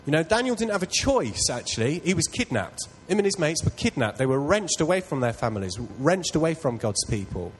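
A man's voice: fairly high pitch, fairly quick, hardly any pauses, breathy edge, low-quality recording. A man preaching a sermon, telling a personal story in an earnest, self-deprecating way. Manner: earnest, self-deprecating, builds to loud excitement.

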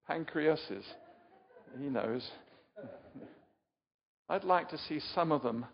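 An older man from England preaches an informal, chatty sermon in a fairly high, creaky voice, often asking the audience questions and joking about himself. The recording carries a little hiss or hum and sounds muffled within a reverberant hall.

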